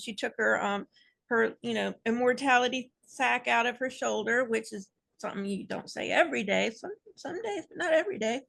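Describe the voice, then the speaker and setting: Fan panel woman, kinda high voice with lots of vocal fry, sarcastic funny recap. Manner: animated, playfully sarcastic recapping. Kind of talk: casual fan panel discussion.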